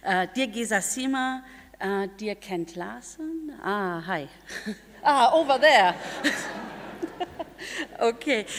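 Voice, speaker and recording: Woman, welcome speech, lively, echoey hall, mid pitch. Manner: lively, warm speech with small laughs and restarts. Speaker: deputy mayor giving a welcome speech. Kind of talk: conference welcome address. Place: large concert hall. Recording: echoey hall from a stage mic.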